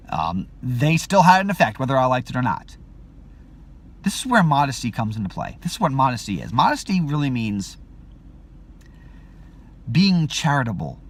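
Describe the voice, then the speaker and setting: A man hosting a video, talking in a casual rambling monologue full of restarts and fillers. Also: husky. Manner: acts out quotes with sudden high-pitched outbursts. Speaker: video host.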